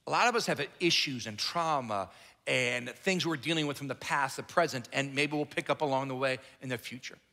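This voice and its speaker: Middle-aged male pastor, bright and forceful, chatty and joking; long echo of a big church. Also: fairly high pitch. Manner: conversational, joking, acts out the Bible characters. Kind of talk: sermon. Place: church sanctuary. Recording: echoey hall, long reverb.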